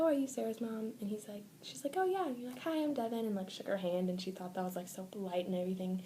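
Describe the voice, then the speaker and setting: A woman's voice: fairly low pitch, warm tone, a little hiss or hum. A teenage girl vlogging, telling a long personal story in a casual, rambling way with many fillers, often dropping to a whisper. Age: teens. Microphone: phone or webcam.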